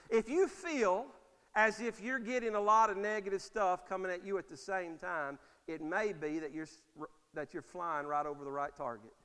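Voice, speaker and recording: Male pastor, sermon delivery, calls for amens, high bright voice, reverberant hall. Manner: preaching with call-and-response "Amen?" and acted-out quotes. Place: church sanctuary.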